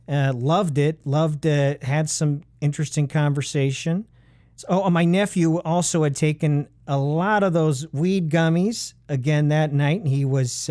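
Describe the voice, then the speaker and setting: A man hosting a comedy show, rambling, halting and full of fillers and restarts. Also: on the high side, a little mellow, no echo, studio quality. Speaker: comedy podcast host. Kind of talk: deadpan rambling comedic monologue.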